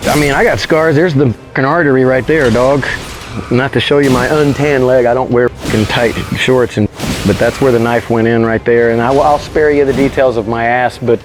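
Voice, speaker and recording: A man telling a story as an interview guest, animated and slangy, swearing freely. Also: mid-range voice, normal speed, music in the background. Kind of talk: casual storytelling.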